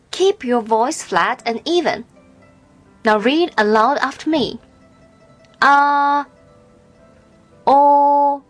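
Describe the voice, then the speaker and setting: A woman's voice: a little high, fairly bright tone. A woman teaching pronunciation in a scripted language lesson, modeling sounds with careful, exaggerated drills.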